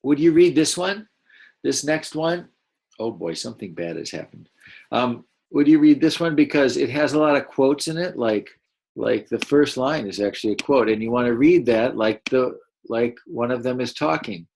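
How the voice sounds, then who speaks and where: Gravelly-voiced man reading to children. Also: medium pitch, expressive, normal speed. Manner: gentle, encouraging, explains as he goes. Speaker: teacher. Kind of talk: reading a picture book aloud to a class.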